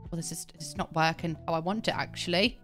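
A woman's voice: deep voice, quick pace, a bit bright, soft background music. A young British woman in casual live-stream chat while she plays, rambling, laughing often and swearing offhand. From Britain. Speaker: game streamer.

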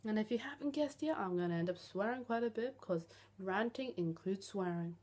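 A woman's voice: mid-range voice, animated, moderate pace, a little mellow. A young woman, ranting bluntly and sarcastically in a vlog, swearing freely. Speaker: vlogger.

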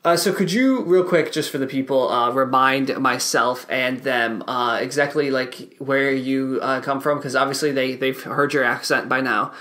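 A man's voice: mid-range voice, moderate pace, hardly any pauses, pushed and bright. A man hosting a podcast, asking loose, rambling questions full of fillers. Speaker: podcast host. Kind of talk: casual chat.

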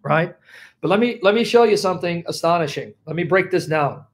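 A man with a high voice preaches with fervent energy, his delivery swinging between loud bursts and hushed moments. He teaches Scripture straight to his viewers and keeps checking in with them as he goes. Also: animated, brisk. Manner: talks straight to viewers with frequent check-ins. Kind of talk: impassioned Bible teaching to a live audience.

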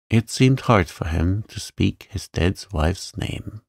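Man, gentle bedtime reading, low voice, dry room. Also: animated, slow pace, gravelly, hardly any pauses, no room sound. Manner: gentle, soft-spoken. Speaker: narrator. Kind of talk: calm sleep-story narration.

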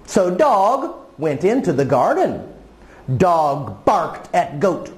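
A woman teacher reading a story aloud to children, with slow, sing-song, expressive delivery. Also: mid-range voice, reverberant.

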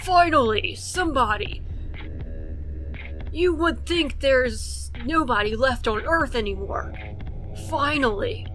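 A woman voicing a gentle, fatherly tall man in a game who soothes a crying child. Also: high voice, expressive, takes it slowly, long pauses, heavily acted. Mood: soothing.

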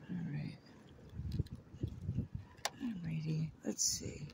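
A high-voiced man from Florida rambles cheerfully to a handheld camera as he rides down neighborhood streets outdoors. He giggles often and keeps talking to his dog. Loud outdoor noise, passing traffic and birds sit underneath his voice. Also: slow, vocal fry, pauses often. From Florida, USA. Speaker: artist vlogger. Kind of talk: casual chat while riding around. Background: outdoor ambience, vehicles, birds.

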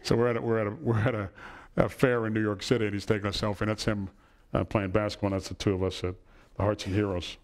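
Man giving a personal lecture, low voice. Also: little pitch movement, fast talker. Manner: warm storytelling, asks "right?" often. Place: lecture hall with an audience.

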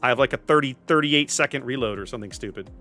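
A man's voice: mid-range voice, fast, bright, forceful tone, faint music behind. A man casually commentating his own naval battle game, joking and sarcastic with theatrical asides. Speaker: gameplay commentator.

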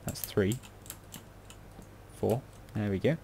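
A man's voice: on the low side, moderate pace, vocal fry, mellow, a little hiss or hum. A British man giving casual commentary on a building tutorial, rambling and muttering to himself with self-mocking asides. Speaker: game tutorial creator.

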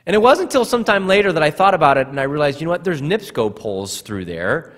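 A man's voice: on the high side, big pitch swings, fast talker, a bit bright. Preaching man in a reverberant church. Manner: earnest, repeats words at starts of phrases. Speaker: pastor. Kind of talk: sermon. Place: church sanctuary.

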